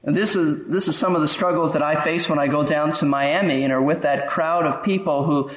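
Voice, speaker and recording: A man's voice: a little high, fairly even intonation, a little fast, roomy sound, rough recording. A man preaching an expository sermon in an earnest, conversational way, asking rhetorical questions. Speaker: pastor.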